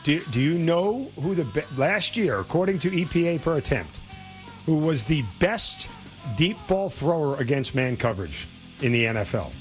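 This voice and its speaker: Male sports radio co-host, high and animated, faint music bed under him. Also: normal speed. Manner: emphatic, exasperated arguing. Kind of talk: sports talk debate.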